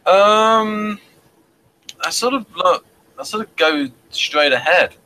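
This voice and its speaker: A man's voice: sits high, lively intonation, slow pace, bright, forceful tone, slight background noise, rough recording. A man asking questions and answering in a hesitant, thinking-aloud way. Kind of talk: casual conversation.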